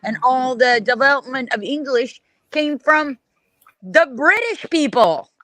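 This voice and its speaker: A woman's voice: high-pitched, expressive, measured pace, a bit bright, no room sound. A woman with an American accent hosting a casual live stream, blunt and teasing as she argues with her guests. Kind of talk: casual chat.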